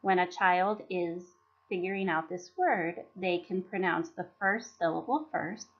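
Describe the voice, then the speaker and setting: A woman with a fairly low voice, fairly even intonation and a slightly slow pace delivers scripted teaching narration. It's a slide-presentation voice-over for professional development, recorded dull and lo-fi, with syllables and words sounded out carefully.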